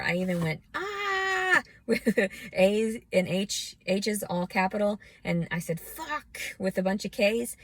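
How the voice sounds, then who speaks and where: A woman's voice: medium pitch, no room sound, rough recording. A woman in her thirties giving a scattered, emotional personal rant, often restarting and fighting back tears. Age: 30s. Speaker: vlogger. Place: outdoors.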